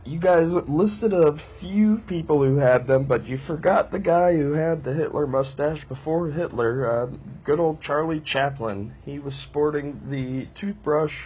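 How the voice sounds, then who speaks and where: A man's voice: on the high side, unhurried, few pauses, muffled recording, a little hiss or hum. A man leaving a blunt, indignant voice message for a podcast. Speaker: listener voicemail caller. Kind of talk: recorded voice message.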